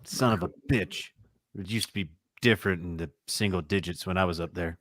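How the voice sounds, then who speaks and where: A man's voice: low-pitched, a little fast, fairly bright tone, no room sound. Swearing joker guy on an election night stream, dry close mic. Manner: crude, joking, profane. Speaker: livestream co-host. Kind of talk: casual election-night chat.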